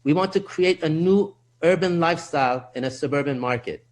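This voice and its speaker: A man's voice: fairly high pitch, fairly quick. Earnest man giving council comment. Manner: earnest, repeats himself when restarting. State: slightly out of breath. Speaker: public speaker at city council. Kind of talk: prepared public comment. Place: council chamber.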